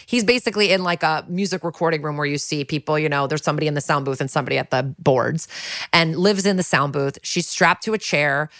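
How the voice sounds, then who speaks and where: Podcast co-host, female, deep register, close dry mic, storyteller who acts out the dialogue. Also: fast talker, dry recording. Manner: animated retelling, acting out quotes, wry asides. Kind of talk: casual recap storytelling.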